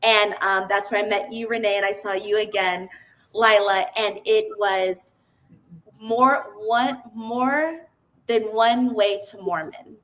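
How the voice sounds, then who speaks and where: A woman's voice: medium pitch, fairly even intonation, slow, a bit bright, rough recording. A woman, a podcast guest, telling her personal story in an earnest, open way, often restarting her sentences.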